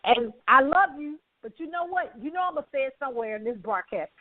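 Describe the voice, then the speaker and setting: Excited high-voiced woman hosting a talk show, repeats herself lots, tinny dry phone sound. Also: fast, no echo. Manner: effusive, repetitive, laughs often. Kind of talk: enthusiastic broadcast talk.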